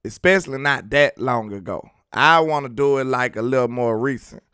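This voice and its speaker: A man's voice: medium pitch, normal speed, bright, forceful tone, smooth, no room sound, clean studio sound. A man hosting a casual sports livestream, reading chat comments aloud with laid-back slangy banter and frequent laughs. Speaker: sports talk livestream host.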